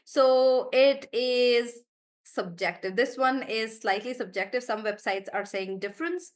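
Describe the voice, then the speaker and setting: A woman's voice: mid-range voice, fairly even intonation, unhurried. A young woman teaching an online class, thinking aloud as she checks words and encourages students. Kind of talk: live online class, coaching students on syllables.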